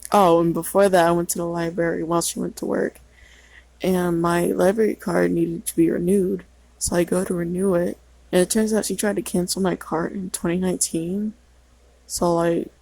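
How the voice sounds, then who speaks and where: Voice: medium pitch, gravelly, darkish tone, no echo, low-quality recording. A teenager rambling and venting in a casual vlog, full of "like" and swearing. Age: teens. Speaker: vlogger.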